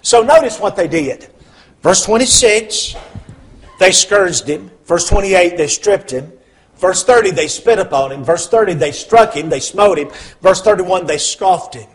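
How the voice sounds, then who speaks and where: Husky, high-voiced preacher with dramatic swings. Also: male voice, expressive, measured pace. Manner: dramatic swings from hushed to loud. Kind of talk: sermon.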